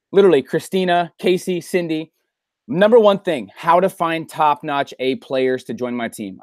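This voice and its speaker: An upbeat male host reads viewer questions to his guest. His voice sits a bit high, and the recording is dry and close, with no room echo. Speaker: host, interviewer.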